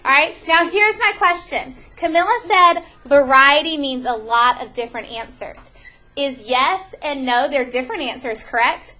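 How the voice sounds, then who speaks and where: A woman teaching a math lesson to a classroom, animated and often questioning her students. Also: sits high, normal speed, muffled recording.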